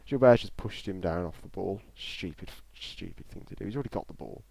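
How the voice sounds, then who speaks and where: Excitable English man reacting live. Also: sits low, fairly quick, creaky, slight background noise. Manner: excitable running commentary, reads live chat. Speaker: live match reaction streamer. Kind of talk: live football match reaction. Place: small closed room at home. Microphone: desktop mic in front of a screen.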